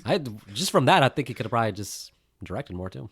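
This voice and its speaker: A man's voice: mid-range voice, sing-song, fast, breathy edge. Guy co-hosting a movie podcast, rambly, keeps correcting himself, teasing his buddy. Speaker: podcast co-host. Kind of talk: casual movie review chat.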